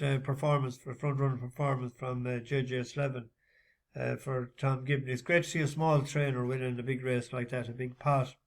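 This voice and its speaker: A man chatting casually in a vlog as a horse racing tipster, rambling with lots of halting fillers. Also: medium pitch.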